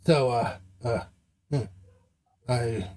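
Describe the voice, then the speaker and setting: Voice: medium pitch, fairly even intonation, extremely slow, mellow. A game master narrating a live tabletop game, with rambling descriptions full of fillers.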